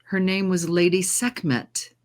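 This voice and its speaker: An American woman who narrates audiobooks and trained as a singer, chatting in a casual interview and telling lively stories with frequent laughter. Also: on the low side, measured pace. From United States. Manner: lively storyteller, laughs often; trained singer with controlled delivery.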